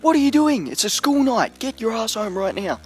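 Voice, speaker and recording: A young man doing a shrill, furious mum. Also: big pitch swings, moderate pace, husky, full character voice. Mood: angry. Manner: shrill scolding, swearing. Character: furious yelling mother, middle-aged woman.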